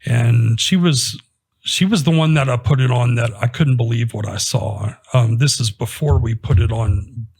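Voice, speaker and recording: Creaky and slightly rough, this man's mid-range voice moves at a normal pace. He's casually telling an interviewer about a patient, re-enacting the exchanges with quoted dialogue in a conversational, animated manner.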